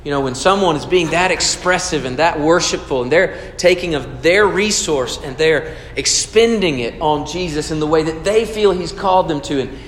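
The pastor's voice is fairly high and a bit bright as he delivers an earnest, conversational sermon that asks the congregation questions. Slight background noise sits under the long reverb of an echoey hall.

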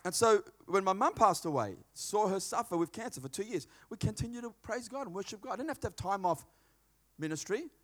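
A man's voice: high-pitched, a little fast. A middle-aged man preaching a sermon, telling stories with acted-out dialogue. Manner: animated storytelling, acts out dialogue in a hushed voice.

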